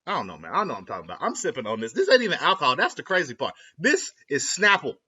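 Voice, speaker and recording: Young adult man from Ohio, vlogger rambling to camera, bright lively voice, slangy and self-interrupting. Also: on the high side, very fast, breathy edge. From Ohio, USA. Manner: animated, self-interrupting, slangy, laughs at his own jokes. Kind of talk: rambling casual monologue. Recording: lo-fi dull audio.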